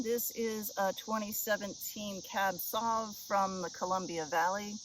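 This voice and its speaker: A woman's voice: mid-range voice, fairly even intonation, measured pace, few pauses. Woman, casual outdoor vlog, rambling and self-deprecating, head-mounted camera, noisy background. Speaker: vlogger. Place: outdoors on a river island. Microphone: head-mounted action camera. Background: insects and nature sounds.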